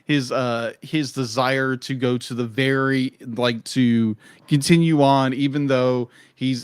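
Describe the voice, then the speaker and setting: A man's voice: mid-range voice, smooth, no echo. Laid-back male co-host, dry sound. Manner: relaxed, agreeable, breaks into goofy voices. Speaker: podcast co-host. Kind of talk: casual film review chat.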